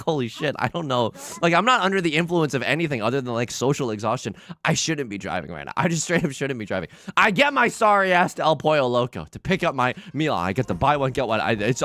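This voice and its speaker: A man livestreaming and chatting casually, telling rambling stories full of restarts, swearing and asides. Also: fairly high pitch. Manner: rambling animated storytelling with many restarts and swearing.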